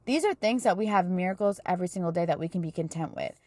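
A woman's voice: on the low side, fast talker, warm tone, no echo. A young woman hosting a casual faith-based podcast, chatting with lots of "like" and "you know". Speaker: podcast host.

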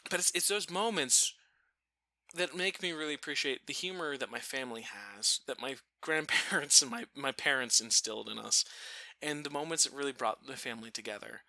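A man casually telling a funny family story, animated and profane, laughing now and then. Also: mid-range voice, fairly quick, creaky, no room sound. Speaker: storyteller guest.

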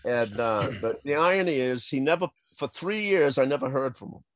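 A man, a salesman telling a funny story in an animated way, laughing as he goes and acting out other people's voices. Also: medium pitch, normal speed, dry recording. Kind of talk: anecdotal storytelling.

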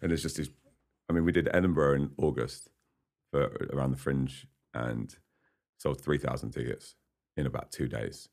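A man's voice: extremely low pitch, fairly even intonation, normal speed, a little mellow. A man, a podcast guest chatting casually in a studio, rambling and laughing often. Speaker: podcast guest, singer-songwriter. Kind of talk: casual interview chat.

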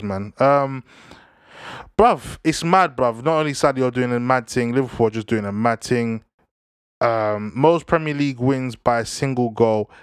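A young man, giving casual football banter in an animated, slang-heavy way. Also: medium pitch, clean tone, dry recording, clean studio sound. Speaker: football vlogger.

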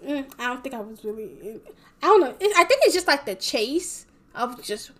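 A woman's voice: sits high, sing-song, normal speed. A young woman rambling casually in a vlog, packing her talk with fillers and swearing a lot. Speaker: vlogger.

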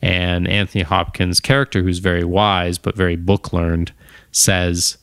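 A man's voice: low voice, level tone, normal speed, fairly bright tone, smooth, dry recording, studio quality. A man hosting a podcast on his own, talking casually and wandering off into tangents. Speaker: podcast host. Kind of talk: casual solo monologue.

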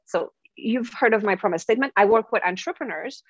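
A woman's voice: a little high, expressive, brisk, no echo, highs cut off. A woman from Quebec with a French Canadian accent, a native French speaker and professional speaker, talking earnestly as an interview guest. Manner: earnest, eager, with frequent laughs. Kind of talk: podcast interview.

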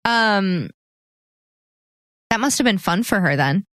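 A woman in her twenties talks casually as a podcast co-host, her pitch bouncing up and down a lot. She is chatty and giggly, and the recording is close and dry with no room sound. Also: expressive, slow pace, fairly bright tone, no room sound. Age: 20s. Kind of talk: casual chat.

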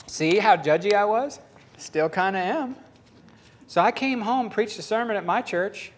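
A man preaching a storytelling sermon, acting out the dialogue in animated fashion. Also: high voice, measured pace.

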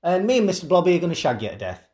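A man's voice: high voice, big pitch swings, racing, a little mellow, pitched below the performer's own voice. A man impersonating a smarmy male TV presenter who gleefully gloats as a kidnapper in a comedy sketch. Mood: gloating. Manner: gloating, theatrical. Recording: roomy echoing room.

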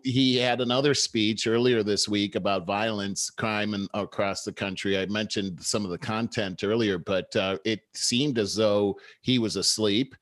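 A man hosting a talk show, telling political stories in a measured, conversational way. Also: on the low side, no echo. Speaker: show host. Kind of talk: casual political commentary.

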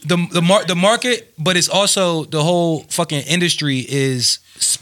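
A man's voice: on the high side, normal speed, fairly bright tone. Insistent young New man. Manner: insistent, argumentative, repeats himself. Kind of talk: casual chat.

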